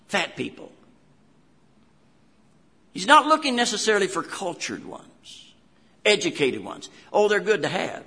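A man's voice: sits high, huge pitch swings, a little slow, pauses often, sharp tone, husky, in a large hall. An older man with a West Virginia accent, a pastor preaching a sermon in a folksy storytelling way with homespun asides.

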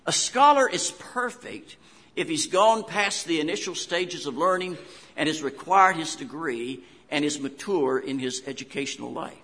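A man's voice: on the high side, animated, normal speed, pushed and bright, in a large hall. An older man with a West Virginia accent, a pastor preaching a sermon in a folksy storytelling way with homespun asides.

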